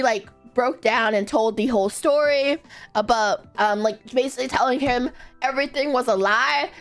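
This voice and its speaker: A woman streamer telling a story in casual chat, animated, swearing a lot and laughing in disbelief. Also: high voice.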